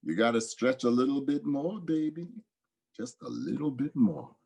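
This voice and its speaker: A man voicing a desperate poor mother who coaxes her child in a strangely quiet, soothing way. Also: medium pitch, moderate pace, gravelly, husky, voice pushed up. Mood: hushed. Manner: coaxing, quiet.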